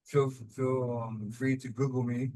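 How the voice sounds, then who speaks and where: A man from New Mexico, an artist guest talking casually on a video call, relaxed and rambling with many fillers and repeated words. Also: medium pitch, unhurried, rough recording. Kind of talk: casual online talk.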